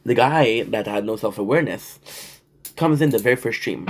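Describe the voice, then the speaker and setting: A man's voice: on the low side, normal speed, slight background noise. A young man streaming and telling stories in casual, profane, rambling talk full of fillers. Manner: profane, animated storytelling with frequent fillers.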